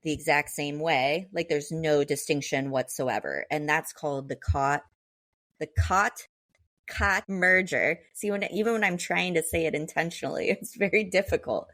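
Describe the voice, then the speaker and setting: A young woman with a Midland American accent talks in a loose, chatty way, full of little fillers and quick laughs. Her voice sits a bit low for a woman, and the recording is close and dry. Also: fairly bright tone, no echo. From Indiana. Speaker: podcast co-host. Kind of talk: casual chat.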